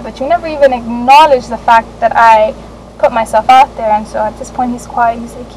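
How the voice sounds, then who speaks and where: A young adult woman vlogging, telling a candid personal story in an animated way, with laughs and the odd swear. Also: on the high side, moderate pace, a little hiss or hum, poor audio.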